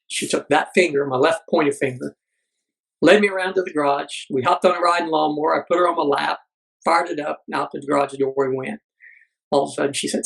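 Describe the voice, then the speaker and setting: Husky-voiced man telling a heartfelt story. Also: a little high, fairly quick, rough recording. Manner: earnest, frequent restarts, acts out quoted dialogue. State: blind military veteran. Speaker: podcast guest. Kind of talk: personal storytelling in conversation.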